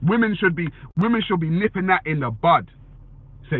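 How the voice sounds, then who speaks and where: A man speaks bluntly and casually in a monologue about his views, swearing while answering viewer comments and repeating "you know what I'm saying." His high, slightly rough voice is animated at a moderate pace. The audio is dry and tinny like a phone, with no echo.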